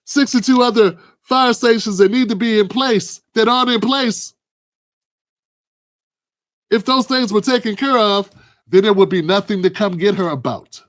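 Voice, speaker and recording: A man's voice: high voice, moderate pace. A man hosting heated political commentary, blunt and emphatic with profanity.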